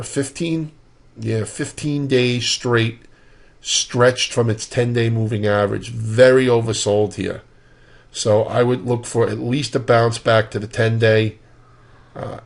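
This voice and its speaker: A man with a medium-pitched voice, a stock market analyst, walks through stock charts in a casual, conversational way. His phrasing is loose, and he throws in dry, sarcastic asides.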